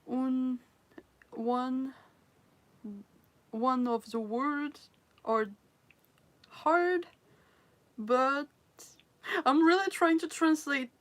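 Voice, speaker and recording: Lady streamer chatting w her viewers, kinda high voice, giggly, restarts sentences a lot. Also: drawn-out words, long pauses, fairly bright tone. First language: French. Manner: giggly, laughs often between phrases; hesitant, restarts sentences while searching for English words. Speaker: livestream host. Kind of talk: casual livestream chat with viewers.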